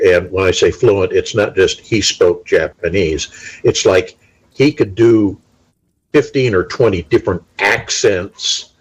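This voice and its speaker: A middle-aged man in casual conversation, telling stories in a measured, unhurried way. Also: low-pitched, slightly rough, low-quality recording. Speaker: talk show participant. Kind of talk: casual chat.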